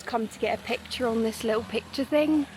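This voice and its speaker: Young Northern English woman, 20s, a bit high-pitched, upbeat travel vlogger, handheld outdoor sound with light hiss. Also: brisk, a little mellow, rough recording. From England. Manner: chatty, upbeat, laughs often. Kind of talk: casual vlog chat. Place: outdoors in Thai countryside.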